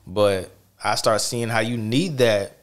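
A man hosting a podcast, talking in a relaxed, reflective way with many fillers. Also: on the low side, takes it slowly. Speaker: podcast host. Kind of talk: casual chat.

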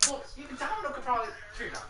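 A man's voice: very high voice, huge pitch swings, rapid-fire, far from the mic, heavy background noise. A man trash-talking and teasing impatiently while playing a wrestling video game. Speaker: gamer. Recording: roomy, off-mic, loud game audio behind.

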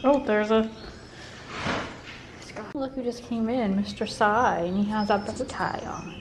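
A woman vlogger in a cat café, cooing at the cats in soft pet talk that often drops to a whisper. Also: on the high side, unhurried, background noise. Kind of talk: casual talk to pets.

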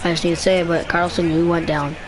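A man giving excited commentary while playing a video game, trash-talking the players on screen. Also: fairly high pitch, fast, over music.

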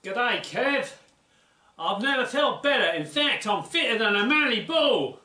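A man's voice: extremely high pitch, expressive, unhurried, sharp tone, voice pushed up, heavily acted. A man voicing a cheerful, know-it-all Australian man with a put-on Australian accent, earnestly explaining facts. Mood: chirpy. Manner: chirpy, earnest lecturing tone. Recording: roomy, mic at a distance.

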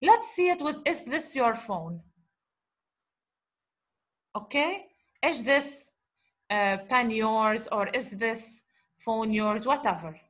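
A woman teaching a grammar lesson, explaining slowly, repeating examples and asking the class rhetorical questions. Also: fairly high pitch, expressive, fairly bright tone. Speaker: Arabic teacher.

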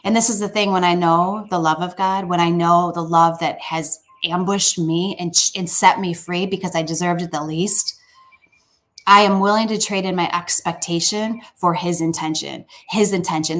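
A woman's voice: fairly low pitch, fairly bright tone. A woman giving a sermon in a conversational, emphatic way, often restarting her phrases. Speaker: speaker at a church.

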